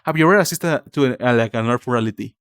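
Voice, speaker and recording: A man's voice: mid-range voice, very fast, a bit bright, smooth, no echo, studio quality. Rambling Mexican-accented male streamer. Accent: Mexican Spanish. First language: Spanish. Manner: rambling, many fillers, calls viewers darling. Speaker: livestreamer. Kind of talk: casual chat with viewers.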